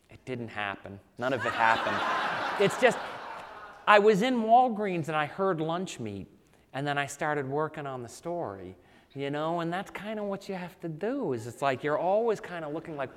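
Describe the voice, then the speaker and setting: A man, an author being interviewed, telling animated anecdotes with lots of "you know" fillers. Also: on the high side, moderate pace, long reverb tail, slight background noise. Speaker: author guest. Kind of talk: conversational storytelling.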